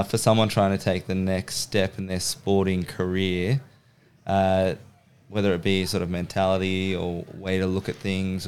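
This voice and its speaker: Man, 20s, host; rambling asker, deep resonant tone. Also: a little mellow, smooth. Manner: rambling, hesitant questions. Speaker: podcast host. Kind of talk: casual interview chat.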